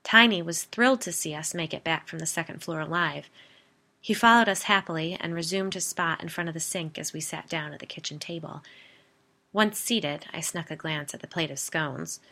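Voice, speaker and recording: A woman's voice: low voice, normal speed, pushed and bright. A woman narrating a story aloud in a wry storytelling manner. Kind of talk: scripted narration.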